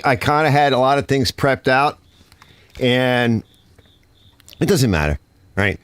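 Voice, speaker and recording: A man's voice: medium pitch, a bit bright, clean tone, no echo. A middle-aged man hosting a casual livestream from his garage, telling a rambling, exasperated story. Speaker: garage channel host. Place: home garage workshop. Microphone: streaming setup mic.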